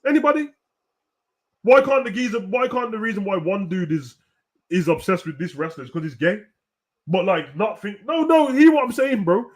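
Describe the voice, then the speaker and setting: A young man hosting a casual, animated wrestling rant full of slang, at times breaking into shouts. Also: sits high, normal speed. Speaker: host. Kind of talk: casual ranting commentary.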